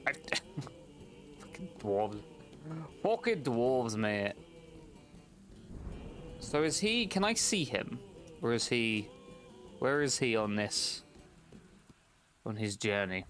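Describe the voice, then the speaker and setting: A man's voice: medium pitch, lively intonation, slow pace, long pauses, fairly bright tone, soft background music. A young man casually commenting on a game during a live stream, exasperated with the characters, swearing and laughing often.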